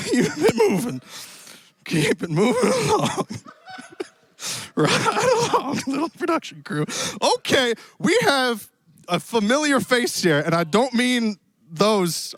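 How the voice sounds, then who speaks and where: A man hamming it up as a lively cowboy host. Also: sits high, no room sound, heavily acted. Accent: put-on Western cowboy drawl. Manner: playful, jokey, theatrical. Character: hammy Old West cowboy host, playful and theatrical. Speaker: event host. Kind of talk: live stream hosting in character. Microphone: handheld stick mic.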